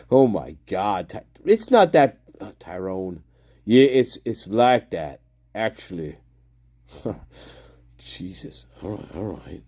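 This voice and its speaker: A man's voice: fairly low pitch, big pitch swings, slow, a little mellow. A man streaming in casual talk, rambling crudely and laughing often.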